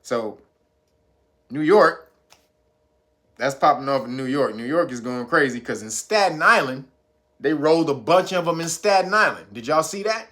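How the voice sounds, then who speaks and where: A man hosting a live stream, talking in a casual, profane, animated way with laughing asides. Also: a little high, moderate pace, pauses often.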